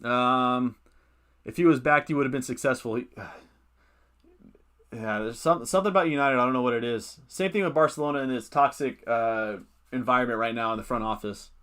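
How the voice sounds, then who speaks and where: A man's voice: medium pitch, a little fast, fairly bright tone, smooth. A man hosting a casual fantasy football livestream. He thinks aloud, reads out viewer comments and uses many fillers.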